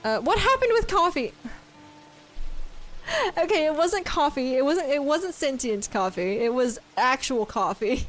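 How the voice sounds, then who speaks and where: A woman's voice: high voice, animated, unhurried, soft background music. A woman streaming a game, chatting casually and giggling as she reads chat aloud.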